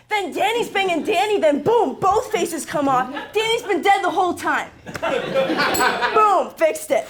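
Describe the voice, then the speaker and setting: Brash high-voiced woman ranting. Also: lively intonation, normal speed, slight background noise. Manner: brash, profane, punchy. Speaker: comedy segment presenter. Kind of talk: brash comic rant.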